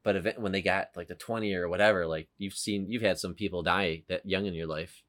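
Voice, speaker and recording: A man's voice: low-pitched, fairly even intonation, a little fast, fairly bright tone. A man hosting a casual movie podcast, rambling with many fillers and restarts. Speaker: podcast host.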